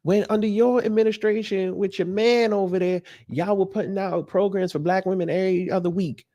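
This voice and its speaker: A man's voice: sits high, steady tone, a little fast, dark tone. A man doing casual reaction commentary, talking back at a clip with sarcastic, mocking remarks.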